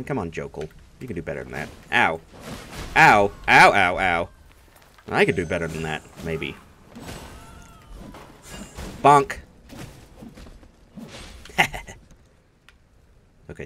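A low-voiced man chatting his way through a video game with a slow, unhurried pace. His delivery swings widely, from sudden squeals to mumbled asides. He is goofy and self-mocking. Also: pushed and bright, a little hiss or hum. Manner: playful, goofy, makes silly noises and jokes at himself. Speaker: let's play gamer. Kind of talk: casual gameplay commentary.

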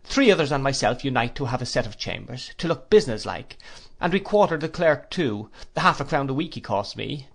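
An eager, good-humored young man with a modest manner, as a male audiobook reader voices him. He sounds lively and quick to laugh, raised a little above the reader's own voice, and speaks in a friendly, bouncy way. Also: mid-range voice, creaky, voice pushed up. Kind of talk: audiobook character voice.

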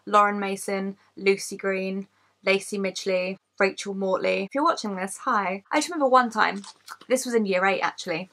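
Here a Kent-born YouTuber in her late twenties runs through facts about herself to camera, candid, self-mocking and swearing freely in an English accent. Her mid-range voice keeps a steady, bright, forceful tone at a moderate pace.

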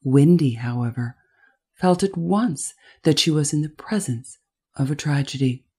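A woman narrates a children's classic in a low, mellow voice with a breathy edge. Her telling is gentle and expressive. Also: a little slow. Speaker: audiobook narrator. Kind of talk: scripted narration.

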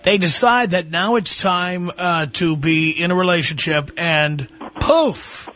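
A man's voice: a little high, fairly even intonation, unhurried, bright, forceful tone. A man hosting a talk radio call-in show, blunt and wry as he takes calls.

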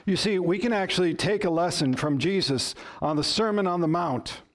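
A man's voice: sits high, normal speed. A man pastor giving a sermon in a conversational, storytelling way, with humor and questions to the congregation.

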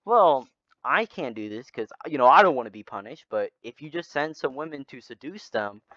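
A man's voice: mid-range voice, animated, moderate pace, bright, forceful tone, dry recording. A man playing a sly scheming prophet. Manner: conspiratorial, persuasive. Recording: slightly dull lo-fi sound.

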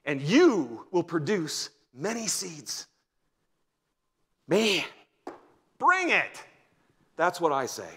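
A man preaching a sermon in a church, telling stories from his own life with swings between loud bursts and hushed, tender passages. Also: on the high side, very slow, pauses often, husky. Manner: animated storytelling, drops to near-whisper in tender moments. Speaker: guest pastor. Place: church sanctuary.

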